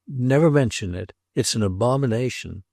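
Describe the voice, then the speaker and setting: Man voicing a cranky young sculptor, curt and defiant, voice pushed up higher, dry close sound. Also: expressive, moderate pace, warm tone, dry recording, natural voice. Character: impulsive, bitter young male sculptor.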